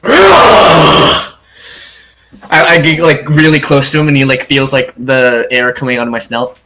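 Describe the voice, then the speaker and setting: A man taking part as a player in a tabletop game, gruff and playful. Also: mid-range voice, flat delivery, brisk, pushed and bright, a little hiss or hum. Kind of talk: casual tabletop play.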